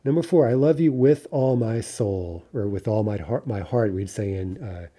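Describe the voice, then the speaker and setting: A middle-aged man explaining grammar patiently in a lesson, often checking in with the listener and repeating example phrases slowly. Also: fairly low pitch, mellow, husky. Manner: patient, explains step by step with frequent "right?". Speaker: language teacher.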